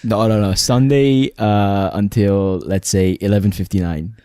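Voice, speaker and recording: A man's voice: lowish voice, fairly even intonation, moderate pace, dark tone, dry recording, clean studio sound. A young Italian man, a native Italian speaker, co-hosting a podcast in easygoing, joking chat. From Italy. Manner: easygoing, joking, repeats himself. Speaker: podcast co-host. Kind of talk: casual chat.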